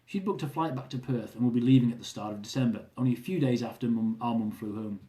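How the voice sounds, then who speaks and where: A man reading his own travel memoir aloud in a lively, amused storytelling manner, often chuckling. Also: mid-range voice, fast, echoey room.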